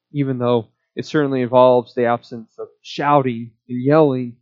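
A man preaching a sermon in a measured, deliberate teaching manner. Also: a little high, dull audio. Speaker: pastor.

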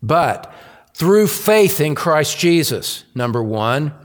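A pastor preaching a sermon, speaking slowly and deliberately, repeating key phrases for emphasis. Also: male voice, on the high side, big pitch swings, big-room sound.

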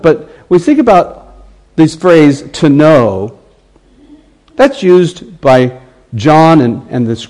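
An American man delivers a sermon in an earnest voice that sits a little higher than most men's. He slows right down to let quoted scripture land, then presses on through his explanation. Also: a little mellow, poor audio. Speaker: pastor.

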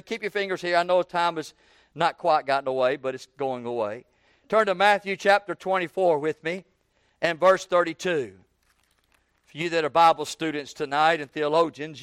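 A male preacher with a high, clear, resonant voice. He drops to quiet, low phrases, then climbs to loud, ecstatic praise. The sound is dry and close, with no room echo. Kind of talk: sermon.

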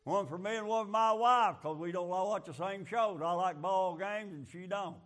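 Very high-voiced fervent male preacher. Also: normal speed, fairly bright tone. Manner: fervent, folksy, many rhetorical questions. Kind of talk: sermon.

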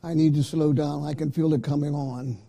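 A man preaching a sermon, slow and emphatic, calling out to his listeners. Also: fairly high pitch, steady tone, gravelly, mellow. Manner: slow, emphatic preaching with call-outs to the congregation.

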